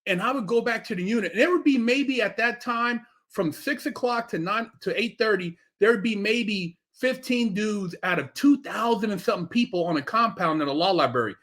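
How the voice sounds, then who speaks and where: High-voiced, animated male storyteller. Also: normal speed, few pauses. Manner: animated, emphatic, heavy swearing, acts out quotes. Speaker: podcast guest. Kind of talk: casual chat, storytelling.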